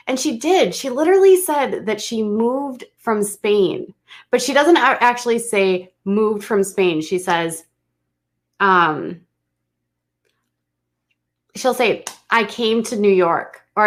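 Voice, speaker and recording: A woman giving casual, snarky, exasperated commentary on a livestream. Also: mid-range voice.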